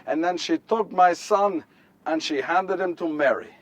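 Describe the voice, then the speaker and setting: A solo stage performer's fairly high, natural-sounding voice comes at a measured pace from far off the mic, before a live audience. He embodies Joseph, an earnest, nervous nineteen-year-old Jewish husband, narrating in first person with wry rambling, repeated phrases, and self-corrections.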